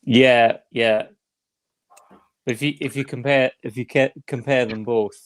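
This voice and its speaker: A man's voice: medium pitch, fairly even intonation, a little slow. A man in a casual chat who repeats himself and says yeah a lot.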